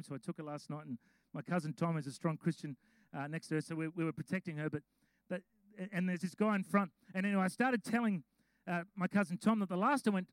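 Chatty pastor with high voice. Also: male voice, dry recording, rough recording. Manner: chatty storytelling with laughs; reads scripture slowly. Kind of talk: sermon.

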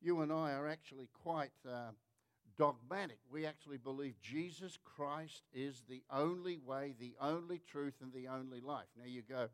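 A man's voice: mid-range voice, normal speed, a bit bright, smooth. A man with an Australian accent preaching a sermon, emphatic and rhetorical, often asking the crowd questions. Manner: emphatic, rhetorical, repeats "how many of you know".

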